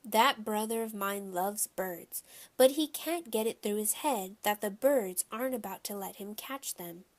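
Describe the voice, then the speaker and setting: A woman reading a children's novel aloud in a plain, steady storytelling manner. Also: mid-range voice, a little slow. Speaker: audiobook reader.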